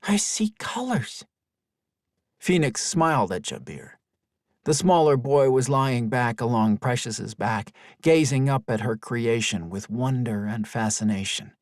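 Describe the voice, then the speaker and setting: Male storybook narrator, animated pitch, mid voice, dry booth recording. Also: a little slow, no room sound. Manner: expressive storytelling. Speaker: audiobook narrator. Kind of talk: scripted narration.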